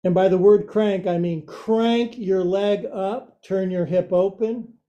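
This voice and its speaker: A man leads a yoga class, calling out poses with goofy asides and sound effects. His voice sits fairly high for a man, with a mellow, soft tone, and he takes his time between cues. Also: steady tone, slow pace, muffled recording. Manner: playful, jokey instruction with silly sound effects. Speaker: yoga teacher.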